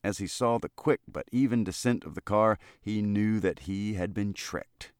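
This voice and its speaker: Deep-voiced male audiobook narrator. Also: no room sound, clean studio sound. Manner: steady, measured storytelling. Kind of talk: classic short story reading.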